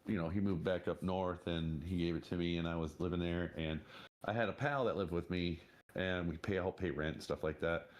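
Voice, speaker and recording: A man on a podcast telling a rambling, laughing anecdote in casual chat. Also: low-pitched. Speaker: podcast co-host.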